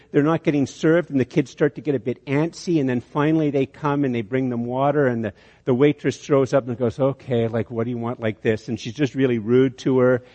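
In a dull-sounding recording drenched in long hall reverb, a man with a warm, mid-range voice delivers a sermon. He tells an extended illustration, restarting often and building toward forceful peaks.

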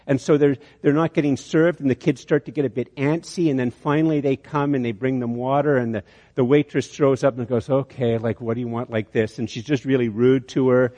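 A man's voice: medium pitch, fairly even intonation, a little fast, mellow, lo-fi sound. A man preaching a sermon, telling an illustration story and often restarting phrases. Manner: storytelling, repeats words on restarts. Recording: long hall reverb.

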